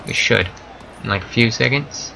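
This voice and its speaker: A man's voice: medium pitch, moderate pace, vocal fry, noisy background. A man giving casual, goofy gameplay commentary, meowing and joking as he plays. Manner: goofy and playful, meows and jokes while playing. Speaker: gamer. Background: loud game music.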